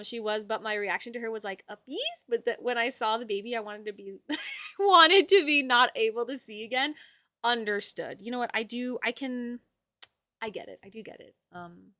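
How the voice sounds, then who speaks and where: A woman's voice: mid-range voice, fairly even intonation, brisk, a bit bright, dry recording. A young woman hosting a livestream, chatting casually and reading out viewer messages with hyped, bubbly energy. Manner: bubbly, hyped, reads chat aloud. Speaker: livestream host.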